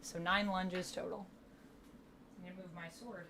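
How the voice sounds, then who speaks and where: A woman's voice: on the low side, flat delivery, a little slow, a bit bright, a little hiss or hum. A woman streaming live, chatting playfully with her viewers and counting out exercises aloud. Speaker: gaming livestreamer. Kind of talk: casual livestream chat with viewers.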